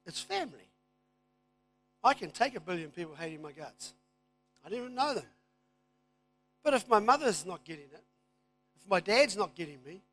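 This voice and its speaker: A man preaching a sermon, moving from quiet asides to loud, emphatic declarations. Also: high-pitched, no room sound. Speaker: pastor.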